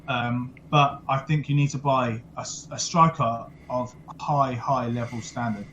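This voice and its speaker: A man's voice: medium pitch, steady tone, a little slow, a bit bright, lo-fi sound. Young man, casual football chat, blunt, swears a lot, video call, faint background noise. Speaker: football podcast co-host.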